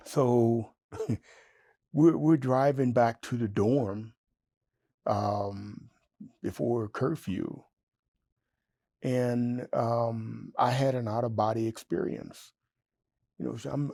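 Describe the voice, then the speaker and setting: A man in his sixties, an interview guest telling a story in a lively way, jumping up in pitch when he quotes himself. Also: vocal fry, no echo, studio quality. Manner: animated storyteller, jumps high in pitch when quoting himself.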